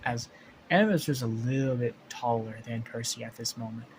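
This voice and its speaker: A man's voice: mid-range voice, brisk, slight background noise, low-quality recording. Rambling man improvising a story. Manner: rambling, swearing, many restarts. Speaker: fan fiction storyteller.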